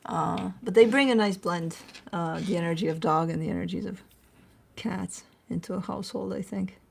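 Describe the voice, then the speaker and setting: Husky casual woman, loose and chatty. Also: lowish voice, normal speed. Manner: chatty, swears casually, coos baby talk at her dog. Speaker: tarot reader and channel host. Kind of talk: casual chat to camera. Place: at home.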